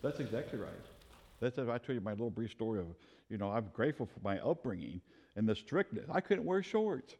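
A man's voice: medium pitch, a little fast, long reverb tail. A man leading a church Bible study, telling stories and laughing often as he teaches. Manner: animated, storytelling, laughs often.

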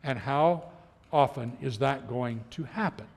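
A middle-aged man teaching a Bible class, telling stories in an animated way and acting out the voices he quotes. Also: medium pitch, a little slow, gravelly, slight background noise. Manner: chuckles as he talks. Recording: long hall reverb.

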